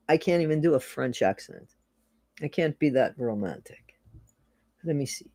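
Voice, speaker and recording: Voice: mid-range voice, very animated, moderate pace, long pauses, mellow. A person hosting a casual livestream, chatting loosely and reading viewer comments aloud, repeating phrases and laughing often. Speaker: livestream host.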